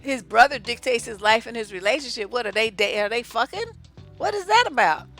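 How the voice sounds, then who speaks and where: A woman's voice: fairly high pitch, brisk, soft background music. A woman relationship coach, giving blunt, profane, sassy advice while answering viewer questions on a live stream. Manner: profane, sassy, animated storytelling.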